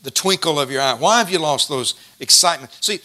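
A middle-aged man preaching a sermon, folksy and storytelling, slowing down to stress scripture verses. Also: on the high side, animated, pushed and bright.

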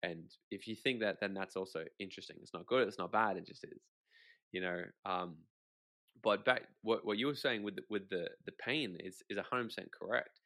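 A man, a podcast guest, telling stories in a lively conversational way, swearing casually and acting out quotes. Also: fairly low pitch, a little fast. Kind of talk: animated conversational storytelling.

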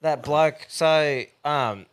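An Australian man co-hosting a podcast, recounting a night out with loud laughter and free swearing. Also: fairly high pitch, drawn-out words, clean tone. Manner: swears freely, laughs loudly. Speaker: podcast co-host. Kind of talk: casual crude storytelling.

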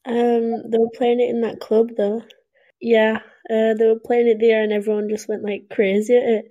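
A woman co-hosts a casual podcast. Her voice is mellow and flat, and she often hesitates with fillers before she gets going. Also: fairly high pitch, moderate pace, muffled recording. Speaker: podcast co-host. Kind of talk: casual chat.

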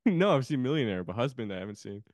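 A man's voice: medium pitch, very animated, fast, darkish tone, no echo. A man guesting on a podcast, chatting casually about films, rambling and laughing often. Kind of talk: casual film chat.

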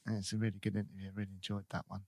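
A man's voice: lowish voice, completely flat delivery, very fast, a little mellow, breathy edge, dry recording, clean studio sound. A man hosting a podcast, chatting enthusiastically in a casual, upbeat way. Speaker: podcast host. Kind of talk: casual chat.

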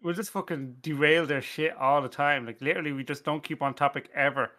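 Bright-voiced rambling Irish man. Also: a little high, fairly even intonation, brisk. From Ireland. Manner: rambling, laughs often, self-deprecating, swears. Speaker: podcast host. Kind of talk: casual podcast chat.

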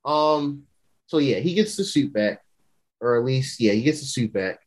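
A man's voice: medium pitch, expressive, moderate pace. A young man hosting a podcast, casually recapping a show in rambling slang. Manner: slangy, rambling, laughs often. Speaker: podcast host.

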